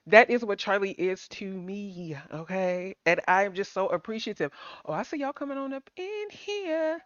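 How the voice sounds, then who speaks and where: A woman's voice: medium pitch, expressive, moderate pace, no room sound, dull audio. A sassy, chatty woman hosts a livestream, calling her viewers honey and sugar. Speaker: livestream host. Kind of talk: casual chat to live viewers.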